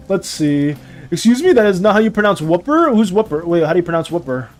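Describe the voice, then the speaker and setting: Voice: mid-range voice, big pitch swings, normal speed, darkish tone, soft background music. A streamer chatting casually on a live stream, rambling and giggly while reacting to chat.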